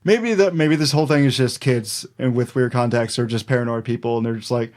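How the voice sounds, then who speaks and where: A man co-hosts a folklore podcast in relaxed, unscripted chat. His pitch sits in an ordinary middle range, and he rambles through his notes with frequent fillers and easy laughs. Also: a little fast. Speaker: podcast co-host.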